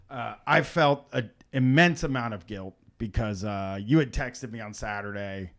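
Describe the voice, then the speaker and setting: A man with a gravelly, mid-pitched voice chats on a radio talk show. He rambles, trips over his words and circles back to restart. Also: fairly bright tone. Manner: rambling, halting, full of restarts. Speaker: podcast host. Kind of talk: casual talk show chat.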